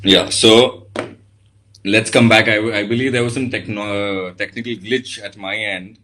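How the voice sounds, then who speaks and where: A man, a practising lawyer, giving an earnest, measured talk to law students over a video call and addressing the audience directly. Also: lowish voice, steady tone, pushed and bright, a little hiss or hum, rough recording. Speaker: guest speaker, litigating lawyer.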